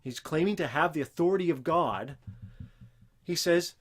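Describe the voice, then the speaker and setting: Speaking at normal speed in a voice that sits a little high, a man hosts a Christian teaching show. He teaches earnestly and emphatically off the cuff, and his voice rises when he quotes scripture.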